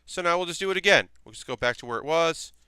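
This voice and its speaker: Chatty man streaming, crisp bright voice. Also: on the high side, animated, fast talker, dry recording. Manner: chatty, reassuring, thinks aloud with restarts. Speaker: streamer building a model kit. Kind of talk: casual live-stream chat while building.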